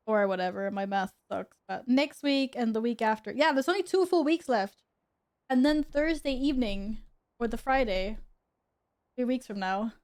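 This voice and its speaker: A woman's voice: on the high side, moderate pace, a little mellow. A young woman chatting casually with her viewers while gaming at home, giggling and talking to her cat. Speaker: streamer. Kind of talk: casual gaming stream chat.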